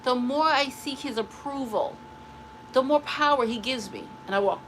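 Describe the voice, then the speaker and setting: A woman's voice: sits high, moderate pace, fairly bright tone, a little hiss or hum, poor audio. Blunt, preachy middle-aged woman. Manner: emphatic and preachy, repeats phrases for stress; blunt and dismissive. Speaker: spiritual live-stream host. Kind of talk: motivational spiritual talk.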